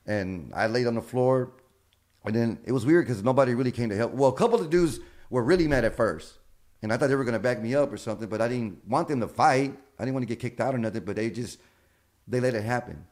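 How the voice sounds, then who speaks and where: Male comedian guest, rapid-fire storyteller, profane, acts out quoted voices. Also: mid-range voice. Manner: animated, acts out quoted dialogue, swears freely. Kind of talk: casual storytelling.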